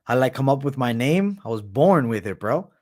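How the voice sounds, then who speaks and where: His mid-range voice is darkish, swings widely in pitch, and moves a little fast. This American man hosts a livestream, chatting casually while answering viewers' questions, laid-back, profane, and fond of saying "bro."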